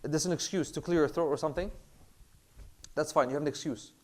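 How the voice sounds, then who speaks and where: A man teaching an online class on Islamic prayer law in a relaxed way. He mixes Arabic terms into his English, with many fillers and repeated words. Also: a little high, a little fast. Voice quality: clears throat, says he has a bad throat. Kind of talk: casual classroom lecture.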